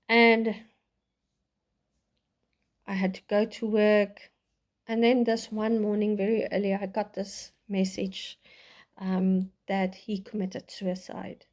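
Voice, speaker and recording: Slow-spoken South African woman, raw and halting. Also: medium pitch, darkish tone. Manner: halting, raw and emotional, with restarts. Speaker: vlogger telling her life story. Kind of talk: personal testimony.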